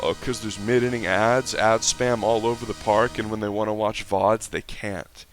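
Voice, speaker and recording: Profane, exasperated man with a low voice. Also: normal speed, few pauses, faint music behind. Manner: profane, exasperated, bursts into shouting excitement. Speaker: online video commentator. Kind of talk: mock play-by-play commentary and rant.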